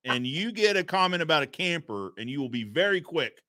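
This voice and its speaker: A man's voice: on the high side, sing-song, brisk, bright, forceful tone, dry recording, studio quality. A man hosting a podcast in casual live-stream chat, upbeat, greeting viewers and reading their comments aloud. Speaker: podcast host.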